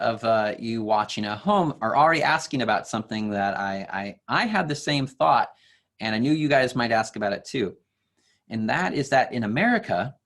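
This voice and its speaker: A young man teaching an online class for kids, explaining slowly and patiently with fillers. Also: on the low side, a bit bright.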